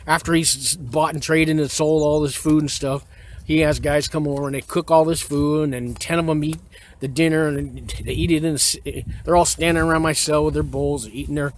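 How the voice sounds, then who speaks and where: A man's voice: fairly high pitch, gravelly, slight background noise. A man rambling through a personal story in a casual, profane way, often breaking off mid-sentence. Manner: rambling, profane, self-interrupting. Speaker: vlogger recounting prison experiences.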